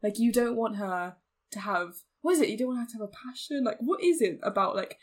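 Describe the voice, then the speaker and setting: A woman's voice: a little high, brisk. A young woman, co-hosting a podcast in casual, heated chat. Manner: animated and heated, acts out quoted men mockingly. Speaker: podcast co-host.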